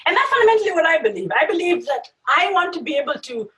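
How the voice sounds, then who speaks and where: A woman's voice: very high-pitched, quick pace, distant mic, low-quality recording. A woman chatting casually and emphatically, acting out her reactions as she talks. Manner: animated, emphatic, acts out reactions. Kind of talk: casual chat.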